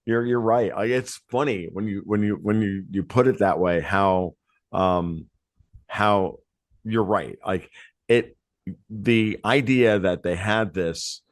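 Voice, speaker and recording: Man, podcast host, low voice, dry close sound, rambling animated talk. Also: takes it slowly, no room sound. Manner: rambling and animated, circles back on himself. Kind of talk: casual podcast conversation.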